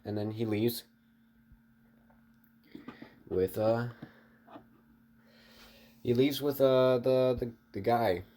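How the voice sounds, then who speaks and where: A man's voice: medium pitch, very slow, pauses often, warm tone. A man casually narrating an improvised story, rambling with fillers and restarts and talking to his viewers. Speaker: online storyteller.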